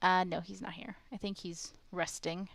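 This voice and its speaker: A woman's voice: on the low side, flat delivery, moderate pace, vocal fry, a bit bright, no room sound. A young adult woman streaming a game, giggly and easily frightened, chatting casually with her viewers. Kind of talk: casual live-stream chat.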